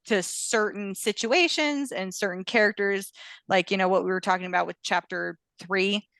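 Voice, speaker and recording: Brief: woman co-host, chatty reviewer's voice, mid pitch, dry close sound. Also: moderate pace, gravelly, a bit bright, dry recording. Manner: chatty, acts out quotes, laughs often. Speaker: podcast co-host. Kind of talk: casual chat reviewing fan fiction.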